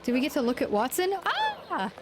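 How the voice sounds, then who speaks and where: A woman's voice: high-pitched, wildly swooping pitch, moderate pace, background noise. A young woman streaming a detective game, playful and giggly, joking to her chat. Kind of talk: casual live-stream commentary.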